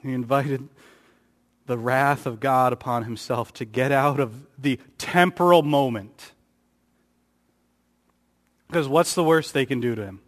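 A man's voice: measured pace, long pauses. A man preaching a sermon, who raises his voice for emphasis and acts out the quotes he reads. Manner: rises in pitch and volume for emphasis, acts out quotes. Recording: long hall reverb.

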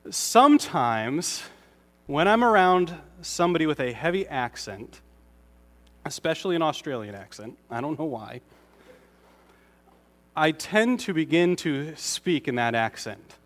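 A pastor from Connecticut giving a conversational sermon, with self-deprecating humor. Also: male voice, a little high, very animated, unhurried, long pauses, fairly bright tone, in a large hall.

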